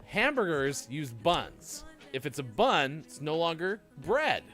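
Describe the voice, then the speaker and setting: A man's voice: fairly high pitch, sing-song, slow pace, fairly bright tone, faint music behind. A man hosting a morning show who reads the segments playfully and jokes with his co-hosts. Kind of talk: casual morning show banter.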